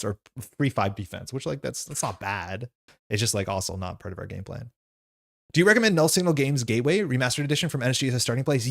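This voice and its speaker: A young man chatting casually on a livestream, reading chat questions aloud and rambling with lots of "like". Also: mid-range voice. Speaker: streamer host reading chat.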